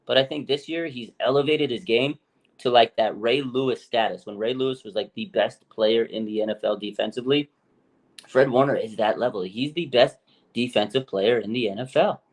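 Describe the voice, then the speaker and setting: A man in a middle register tells sports stories with lively enthusiasm. He acts out the people in his stories and heaps praise on the players. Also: mid-range voice, moderate pace. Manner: animated storyteller, hyped praise. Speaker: podcast co-host. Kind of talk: casual sports talk.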